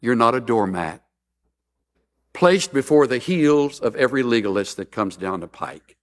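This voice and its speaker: A man's voice: medium pitch, lively intonation, moderate pace. A man preaching a sermon as a pastor, mixing humorous stories with earnest appeals.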